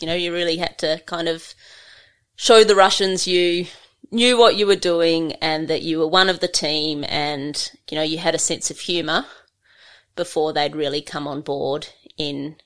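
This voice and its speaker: An Australian woman, a livestock handling trainer, telling stories in a relaxed, rambling way with many fillers. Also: low voice, a little slow. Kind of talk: conversational storytelling.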